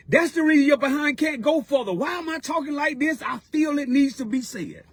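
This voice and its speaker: Dude preaching hard, real high voice, dry close sound, keeps repeating himself, fired up. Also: male voice, a bit bright, no echo. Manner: fervent, repetitive, colloquial exhortation. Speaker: mentor and motivational speaker. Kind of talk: preaching-style motivational talk.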